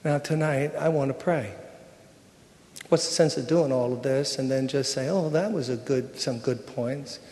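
An older man giving a sermon with a personal testimony, telling the story in an emotional, conversational way that drops to a hush at times. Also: mid-range voice, normal speed, big-room sound. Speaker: preacher. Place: church sanctuary.

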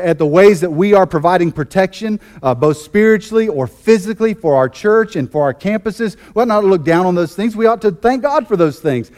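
A man's voice: high voice, a little mellow. A man preaching a sermon as pastor, fervent and emphatic, often repeating and restarting his phrases.

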